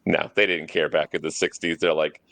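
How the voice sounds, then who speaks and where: A man with an extremely low voice talks over a film in relaxed chat, laying out plot points. The sound is dry and close. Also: fairly quick, vocal fry, no room sound. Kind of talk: casual movie discussion.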